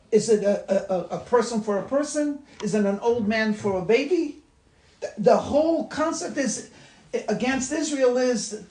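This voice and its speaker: A rabbi leads an informal class discussion in a high, slightly mellow male voice. He talks conversationally, repeats his words and laughs at his own examples. The room is echoey with a little background noise.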